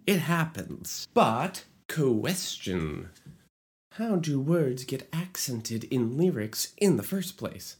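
An animated explainer voice with a lot of pitch movement, walking through how lyrics fit melodies. Between the teaching points come playful asides and jokes, and the speaker now and then sings a short lyric to show the point. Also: slow pace. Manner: playful asides, jokes about own bad accent. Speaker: musical theater writer teaching lyric writing. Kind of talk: educational video explainer.

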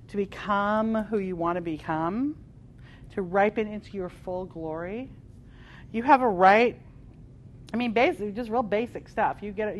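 A woman leading a live spiritual workshop, passionate and emphatic, swinging between loud declarations and quieter asides. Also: mid-range voice, slight background noise. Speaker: workshop leader. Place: workshop room with a live audience.

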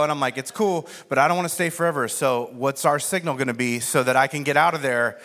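A man with a high voice gives a sermon as pastor. He tells a comic story about himself and acts out the other people's lines along the way. His delivery is lively and self-deprecating. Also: brisk, few pauses. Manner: animated, self-mocking, acts out quoted voices.

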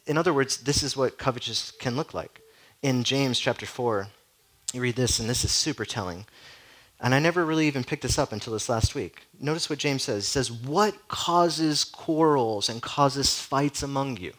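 A man's voice: medium pitch, fairly quick, fairly bright tone, rough recording. Conversational male pastor preaching. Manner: conversational, peppered with "like" and direct questions. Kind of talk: sermon.

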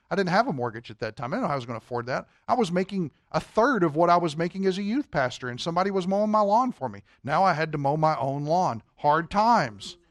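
A pastor teaching a Bible class with a fairly high voice. The sound is dry and close. He is lively and jokes along the way, and he grows loud when he reads the text aloud. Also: no echo. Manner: animated, rising loud when reading scripture, joking asides. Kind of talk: Sunday school Bible teaching.

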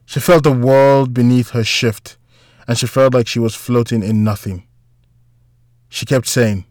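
A man reads a novel aloud in a measured, even storytelling manner, his voice close and dry with no room around it. His pitch sits in an ordinary middle range. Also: no room sound. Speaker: audiobook narrator. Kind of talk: scripted narration.

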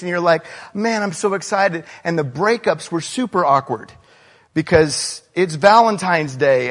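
A pastor giving a sermon in a conversational, storytelling way, with frequent rhetorical questions to the congregation. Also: male voice, sits high, long reverb tail.

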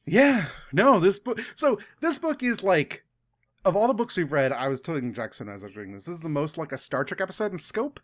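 A man co-hosting a podcast, casually recapping a book with frequent laughs and quick acted-out quotes. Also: on the high side, big pitch swings. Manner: laughing often, acting out characters' lines in quick bursts. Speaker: podcast co-host.

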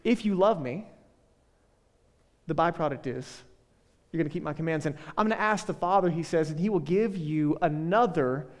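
A male pastor giving a casual, conversational sermon, full of joking asides and quick checks with the listeners. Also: fairly high pitch, big-room sound.

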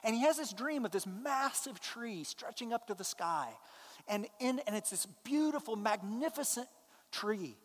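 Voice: mid-range voice, animated, normal speed. A pastor preaching a sermon to a church in an emphatic, conversational way. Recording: long hall reverb.

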